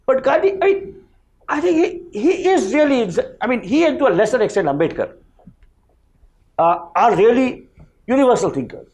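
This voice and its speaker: A man speaking on a panel discussion, talking in a halting way with frequent restarts and fillers. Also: very high voice, expressive, a little mellow.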